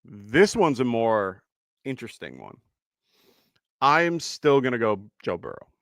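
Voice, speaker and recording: A man hosting a live fantasy football stream, chatty and quick to laugh as he thanks viewers. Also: medium pitch, wildly swooping pitch, a bit bright, no room sound, clean studio sound. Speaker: fantasy football show host. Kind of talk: live-stream casual chat.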